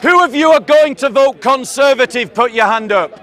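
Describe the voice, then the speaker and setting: A man with a southern English accent, giving a declamatory public speech to a crowd outdoors and calling them ladies and gentlemen. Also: very high voice, moderate pace. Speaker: street preacher.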